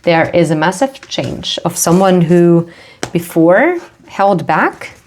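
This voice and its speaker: Slow, low-voiced chatty tarot reader woman. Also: lively intonation, a little mellow, slight background noise. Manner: chatty, self-interrupting, laughs at her own slips. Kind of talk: casual tarot reading to camera.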